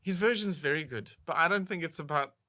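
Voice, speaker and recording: Bright-voiced man gushing. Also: on the high side, quick pace. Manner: enthusiastic, gushing about songs. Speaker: podcast co-host. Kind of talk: casual chat.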